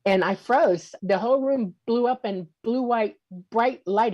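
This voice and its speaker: Animated older woman telling her story. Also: on the high side, measured pace, no room sound, dull audio. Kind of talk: casual storytelling interview.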